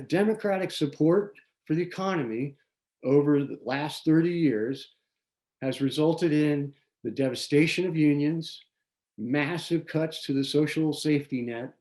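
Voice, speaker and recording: A man hosting a local community forum, giving prepared political commentary in a measured way, reading from notes with small restarts. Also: fairly high pitch, darkish tone. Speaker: forum host.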